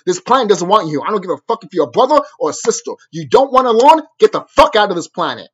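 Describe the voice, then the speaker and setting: Husky man in an angry, repetitive rant. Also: high voice, sing-song, quick pace. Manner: angry, repetitive, hammering the same phrases. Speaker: vlogger. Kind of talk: profane ranting monologue.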